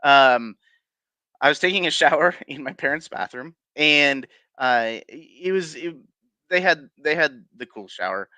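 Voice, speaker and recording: A man on an interview show tells his stories in a loose, rambling way, full of ums and restarts, and chuckles along as he goes. His voice is bright and forceful, and the recording is dry and close. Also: on the high side, expressive, measured pace, no room sound. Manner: rambling, many fillers and restarts, chuckles while telling. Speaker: guest paranormal investigator. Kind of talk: casual storytelling interview.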